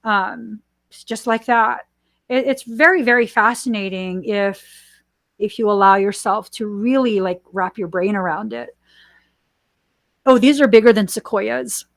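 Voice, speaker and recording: A woman hosting a spiritual podcast, speaking slowly and earnestly and repeating her warnings. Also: medium pitch, gravelly, no echo. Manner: slow, earnest and warning, with repetitions. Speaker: podcast host. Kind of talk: spiritual channeling chat.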